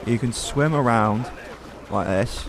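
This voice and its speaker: A man's voice: mid-range voice, takes it slowly, noisy background. A man from Wales with a Welsh accent, giving casual, profane let's play commentary as he plays. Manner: profane, ranting. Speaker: gamer.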